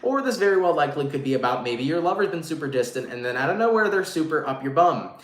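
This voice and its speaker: A man's voice: on the high side, very animated, fast talker. A man giving a casual live tarot reading to viewers, talking in slang and swearing freely. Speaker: tarot reader. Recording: echoey room, faint noise.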